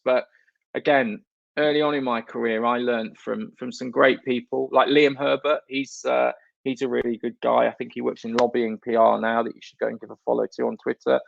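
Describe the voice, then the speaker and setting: A man from the north of England speaks at a conference with a gravelly edge to his voice, blunt and jokey with plenty of swearing. The recording is dry and a little dull. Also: mid-range voice, no room sound. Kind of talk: conference talk.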